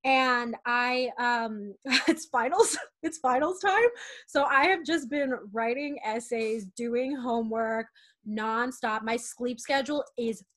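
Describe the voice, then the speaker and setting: A woman in her twenties co-hosting a podcast, expressive and a little burnt out. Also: a little high, slow. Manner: expressive, excitable. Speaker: podcast co-host. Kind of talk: casual chat.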